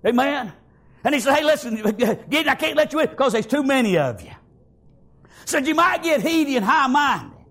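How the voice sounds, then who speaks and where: Very high-pitched and very animated, this man delivers a fervent sermon at a moderate pace, frequently shouting and dropping in "amen" and "praise God."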